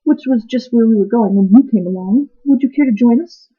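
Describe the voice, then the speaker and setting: A woman voicing sleepy, lazy townsfolk in a storybook reading, speaking in a drowsy, unhurried way with a husky voice. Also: a little high. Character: lazy sleepy dawdling town folk. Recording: tinny phone-like sound.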